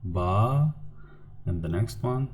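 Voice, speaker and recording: A man's voice: sits low, slow pace, mellow. A man with a Turkmen accent teaching a language lesson over slides, hesitant, with many fillers and restarts as he sounds out syllables one by one. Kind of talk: slide-based grammar lesson.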